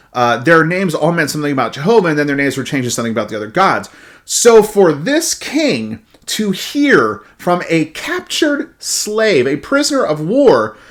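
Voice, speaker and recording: Lively, higher-voiced man teaching the Bible. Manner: animated, acts out quotes, repeats words when starting a thought. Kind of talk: devotional Bible talk.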